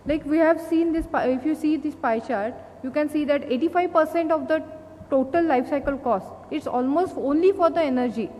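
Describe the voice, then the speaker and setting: A woman with an Indian English accent giving a conference presentation, halting often with fillers and restarts. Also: high voice, warm tone. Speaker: company speaker at an industry event. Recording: long hall reverb, faint noise.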